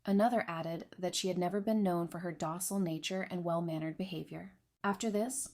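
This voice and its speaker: A woman giving scripted narration of a romance comic recap in an even, steady storytelling manner. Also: fairly low pitch.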